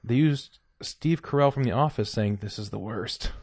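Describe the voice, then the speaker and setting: A man's voice: medium pitch, normal speed, a little mellow, no echo. A man co-hosting a comedy news podcast, chatting casually and jokingly, often mimicking what others say. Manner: joking, quotes people in mock voices. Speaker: podcast co-host.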